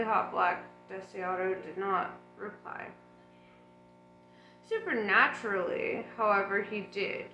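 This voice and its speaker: A woman reading an audiobook aloud in an unhurried, relaxed way, with chatty asides. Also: fairly high pitch, echoey room, rough recording. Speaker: audiobook reader.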